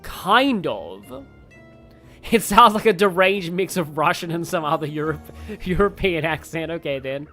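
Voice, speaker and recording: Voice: medium pitch, moderate pace, few pauses, pushed and bright, faint music behind. A streamer giving casual, rambling let's play commentary, reading chat aloud with lots of fillers. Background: game audio.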